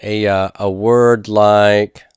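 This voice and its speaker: A man teaching a recorded lesson in a methodical way, repeating each word slowly for his students. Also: on the low side, flat delivery, smooth, no echo, studio quality. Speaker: Hebrew instructor. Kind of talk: recorded lecture over handouts.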